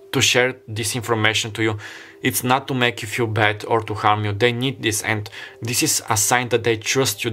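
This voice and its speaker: A man's voice: mid-range voice, fairly bright tone. Man reading tarot. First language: Bulgarian. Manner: rambling, heartfelt, searching for words. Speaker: tarot card reader. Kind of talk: pick-a-card tarot reading.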